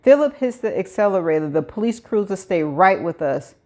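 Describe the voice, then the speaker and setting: A woman narrates a thriller novel aloud in the first person. Her reading is steady and measured, carrying the tension of the scene. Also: medium pitch. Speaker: audiobook reader.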